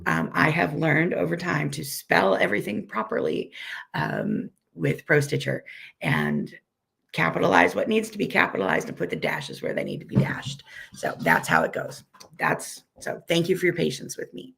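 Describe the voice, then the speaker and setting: A woman with a weak, hoarse voice from a recent illness gives a friendly, self-deprecating live software tutorial and repeats each step slowly. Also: sits low, huge pitch swings. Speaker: software instructor.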